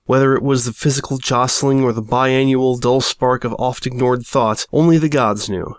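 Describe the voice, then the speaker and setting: A man's voice: mid-range voice, fairly even intonation, moderate pace, no room sound, clean studio sound. A man narrating a story aloud with a wry, mock-dramatic delivery. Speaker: audiobook reader.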